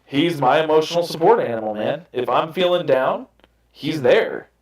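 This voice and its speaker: A man's voice: a little high, expressive, normal speed. Candid, swearing young man in an echoey room. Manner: candid, swearing, rambling storytelling. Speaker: podcast host. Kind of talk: casual chat. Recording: roomy echo.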